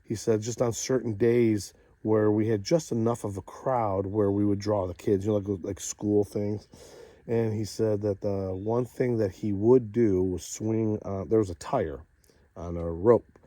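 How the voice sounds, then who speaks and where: A man telling a long joke as if it were a true story, dropping to a hushed low voice for the people he quotes. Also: steady tone, measured pace, dry recording. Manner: drops low and quiet for the zookeeper's lines, shrieks for punchlines. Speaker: comedian storyteller.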